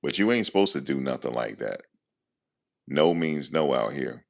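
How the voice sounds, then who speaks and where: Very deep gravelly-voiced man riffing. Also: animated, moderate pace. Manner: loose, joking, talks back to chat. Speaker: livestream host. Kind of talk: casual commentary to live chat.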